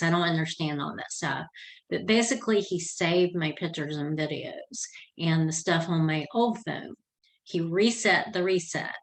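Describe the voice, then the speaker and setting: A woman's voice: fairly low pitch, rough recording. An older woman telling a personal story in an earnest, chatty way, with a few restarts as she goes. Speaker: Christian vlogger.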